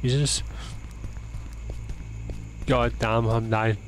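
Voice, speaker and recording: A man's voice: medium pitch, level tone, very slow, a little hiss or hum. A young man giving profane, exasperated commentary while playing a video game. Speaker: gaming channel host. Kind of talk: let's play commentary.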